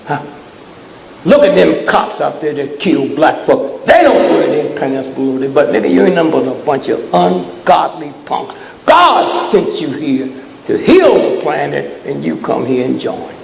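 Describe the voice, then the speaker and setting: A man giving a fiery, preaching-style talk to a live audience, blunt and scolding, often pausing to ask the crowd "huh?". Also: on the high side, sing-song, creaky. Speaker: speaker addressing a live audience. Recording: echoey hall with long reverb.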